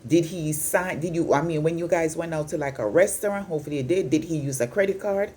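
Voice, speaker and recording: A woman's voice: sits low, fast talker, dark tone, a little hiss or hum. A Jamaican woman in her fifties giving an incredulous, scolding opinion vlog, slipping in and out of patois. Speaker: vlogger.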